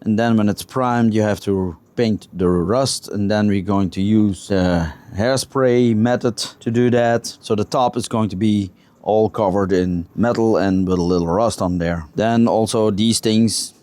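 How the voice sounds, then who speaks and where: A man with a fairly low voice chats casually through a walkthrough of his hobby project. He talks in a halting way, often stopping to search for the right words. He sounds like he is recording in a home workshop. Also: a little mellow. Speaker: hobby builder showing a model truck project. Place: home workshop with a spray booth.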